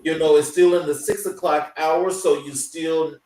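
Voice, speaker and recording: A man hosting a talk show, wrapping up the episode in a halting way, full of fillers and restarts. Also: fairly high pitch, steady tone, warm tone, roomy sound, far from the mic, slight background noise, rough recording. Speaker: show host. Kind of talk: casual show wrap-up.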